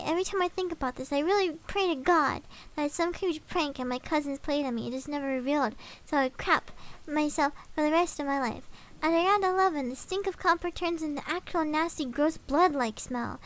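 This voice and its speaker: A woman streamer with a high, slightly bright voice reads a scary story aloud in a casual way. She substitutes milder words for swear words and stops now and then for chatty asides.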